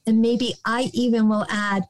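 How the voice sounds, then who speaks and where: An older American woman, a guest on a podcast, gives calm advice in a slow, gentle, soothing way, often restarting and saying "you know", and sometimes dropping to a soft whisper. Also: a little high, poor audio. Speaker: guest, nonprofit director.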